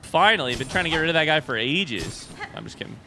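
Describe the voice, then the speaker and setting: A man's voice: fairly high pitch, expressive, fast, noisy background. A man in his thirties giving casual, chatty commentary while playing a video game, telling stories and poking fun at himself. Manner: chatty, self-mocking, storytelling between fights. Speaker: streamer.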